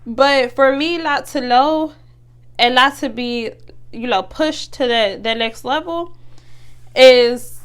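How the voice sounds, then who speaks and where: A young woman hosts a casual motivational podcast talk in a high, clean-toned voice, taking her time. She is chatty and earnest, with lots of fillers and restarts.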